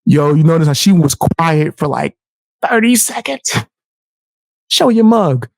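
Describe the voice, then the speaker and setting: A young male streamer in casual commentary, brash and profane, his voice leaping high whenever he mocks someone. His tone has a gravelly edge, and the sound is dry, close, and without room echo. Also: measured pace. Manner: brash, profane trash talk with frequent laughs; animated, jumping sharply high when mocking.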